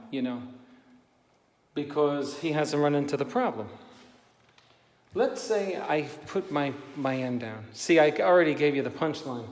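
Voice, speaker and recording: A man who hangs wallpaper for a living, giving an emphatic, repetitive on-the-job tutorial in a room of a house. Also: medium pitch. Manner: emphatic, direct, repeats himself for emphasis. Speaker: wallpaper installer and painter. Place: room in a house being papered. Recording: echoey empty room with long reverb.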